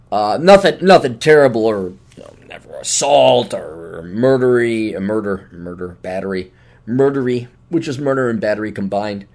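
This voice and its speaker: Rambling, profane man with a lively voice. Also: medium pitch. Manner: rambling, profane, self-mocking. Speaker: podcast host. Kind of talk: casual solo monologue.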